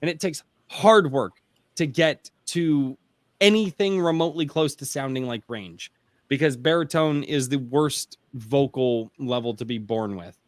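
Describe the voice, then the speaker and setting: A baritone-voiced man, an author chatting casually at a round table, enthusiastic and rambling with many restarts, speaking into a home mic run through a mixer. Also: measured pace, no room sound. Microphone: home mic through a mixer, bass boosted.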